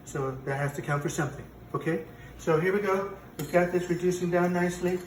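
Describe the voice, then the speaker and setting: Man doing a bragging rambling president-chef, comic cooking show parody, fairly high voice, echoey kitchen, distant mic. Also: a little fast, slight background noise, lightly acted. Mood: boastful. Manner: bragging, rambling, self-contradicting. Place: home kitchen.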